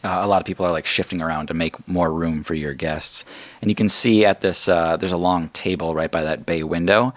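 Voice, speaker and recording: Low male game master, casual and rambling, dry recording. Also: steady tone, fairly quick, no room sound. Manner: casual, filler-heavy. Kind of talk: narrating a tabletop game.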